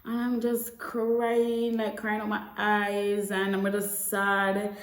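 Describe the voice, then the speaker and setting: A woman's voice: medium pitch, monotone, takes it slowly. A young woman with a Jamaican accent telling a personal story to camera in a chatty way, slipping between English and Patois. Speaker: vlogger. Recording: echoey room.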